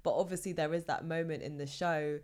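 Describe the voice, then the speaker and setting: A woman's voice: low-pitched, steady tone, fairly quick, darkish tone. A young woman from England chatting casually and giving her opinions as a podcast co-host. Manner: chatty, opinionated, lots of fillers.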